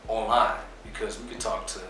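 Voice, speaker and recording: A man being interviewed, explaining his business in a relaxed, casual way with plenty of fillers. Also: lowish voice, normal speed, far from the mic, slight background noise. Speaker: interview guest, business owner. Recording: very echoey room, off mic.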